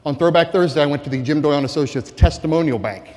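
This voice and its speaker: A man giving a conference keynote speech to sales staff, animated and rhetorical, often asking the audience questions. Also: a little high, fast talker. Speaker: keynote speaker. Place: conference hall. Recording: long reverb of a large hall.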